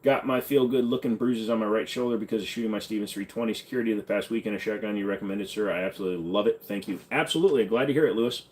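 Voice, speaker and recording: A man's voice: on the low side, racing, hardly any pauses, a little mellow. A man hosting a live stream, answering chat questions in a blunt, offhand, casual way. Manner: blunt, offhand, hums and sings snippets between questions.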